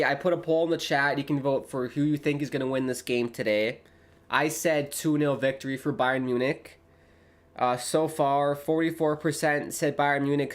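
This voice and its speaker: A man hosting a live football watchalong stream in an early-morning voice, chatting with viewers and rising excitedly on the play-by-play. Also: a little high. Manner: chatty, rises excitedly on play-by-play, talks to chat. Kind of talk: casual live match commentary.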